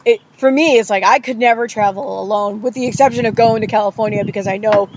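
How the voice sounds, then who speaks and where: A woman's voice: mid-range voice, steady tone, fast talker, a little mellow. Blunt woman podcast host, muffled. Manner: blunt, swears freely. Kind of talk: casual chat. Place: outdoors by a pool. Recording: muffled poolside recording.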